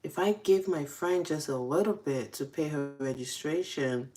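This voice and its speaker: A woman's voice: sits low, moderate pace, darkish tone. A young adult woman casually telling confessional stories, often breaking into laughter. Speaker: host. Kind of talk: casual storytelling.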